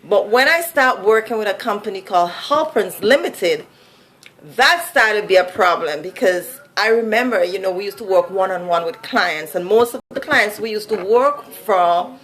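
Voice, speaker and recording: An adult woman from Saint Vincent, speaking with a Vincentian accent, chats casually through a personal story, leaning heavily on "like" and "you know." Her medium-pitched, slightly bright voice has lively intonation, and she talks at a normal speed.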